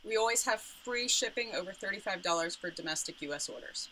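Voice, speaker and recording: A woman's voice: medium pitch, animated, a little fast, pushed and bright, a little hiss or hum, rough recording. A woman who runs a yarn business, presenting her products and explaining each one, with frequent ums. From Pittsburgh area. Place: home studio, indoors.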